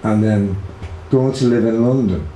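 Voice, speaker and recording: Older Liverpool man, low mellow voice. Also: measured pace. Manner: rambling, many fillers and restarts, chuckles often. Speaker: interviewee, singer's brother. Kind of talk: casual reminiscing interview. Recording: echoey room, faint background hiss.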